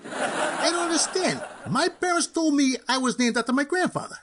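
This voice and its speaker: A man's voice: moderate pace, a little hiss or hum. A man voicing an eager, hard-working young man who gets flustered and indignant easily. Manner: excitable, high-pitched and incredulous. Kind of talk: cartoon voice acting.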